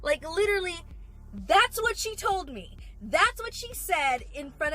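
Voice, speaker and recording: A woman's voice: extremely high pitch, sing-song, measured pace, bright, forceful tone, rough recording. A young woman telling a storytime vlog, emphatic and swearing as she rants. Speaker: vlogger.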